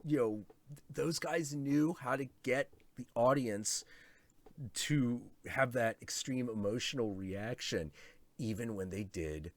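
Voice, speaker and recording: A man hosting a casual stream chat, excitable and swearing a lot, acting out quotes as he talks. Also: medium pitch, slow. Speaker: host.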